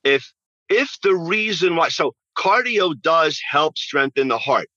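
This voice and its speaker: A man's voice: fairly high pitch, animated, unhurried, sharp tone, no room sound, highs cut off. A man who works as a fitness trainer, answering interview questions in an emphatic way and repeating phrases for stress.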